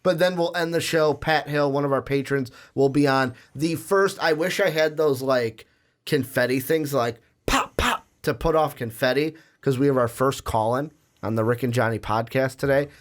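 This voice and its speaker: A man's voice: mid-range voice, normal speed. A young man hosting a casual podcast, rambling and chatty, with frequent fillers and restarts. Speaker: podcast host.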